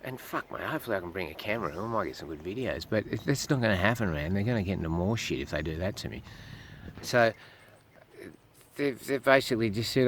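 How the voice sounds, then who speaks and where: Australian man, vlogger rant, fiery and foul-mouthed, lowish voice. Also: animated, fast, slight background noise. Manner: indignant, swears heavily. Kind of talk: profane ranting monologue.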